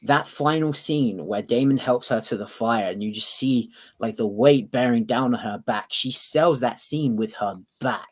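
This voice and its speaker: A podcast co-host with a medium-pitched, slightly breathy voice argues in a laid-back debate. He talks excitedly in quick bursts, restarting sentences, cursing, and acting out the scenes he quotes.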